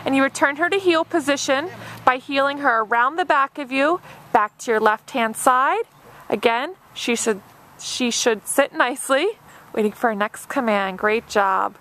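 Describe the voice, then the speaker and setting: A woman's voice: high voice, normal speed, a bit bright. A woman dog trainer narrating an obedience demonstration step by step, with a patient and encouraging manner. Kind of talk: instructional narration.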